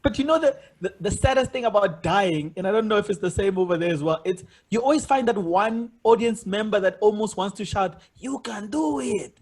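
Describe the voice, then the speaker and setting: A man hosting a podcast, chatting casually and telling animated stories with frequent laughter. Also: high-pitched, a little fast, hardly any pauses. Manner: animated storyteller who laughs often. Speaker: podcast host. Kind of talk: casual comedic conversation.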